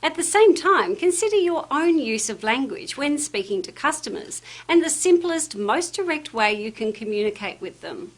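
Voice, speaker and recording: A woman giving scripted instructional narration for a training course, with a lively, emphatic delivery. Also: high-pitched, moderate pace, few pauses. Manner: lively, emphatic delivery when quoting phrases.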